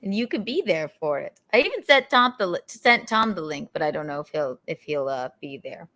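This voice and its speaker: A woman hosting a livestream show, telling stories in a lively, chatty way and laughing often. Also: low voice, brisk. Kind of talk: casual chat.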